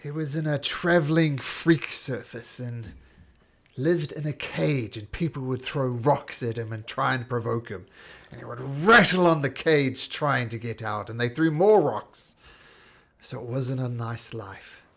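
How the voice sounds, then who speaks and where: Man voicing a tired gentle caretaker woman, soft sighing pleas. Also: medium pitch, a little slow, gravelly. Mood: weary. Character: weary woman caretaker, tired but kind. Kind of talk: tabletop role-play voice.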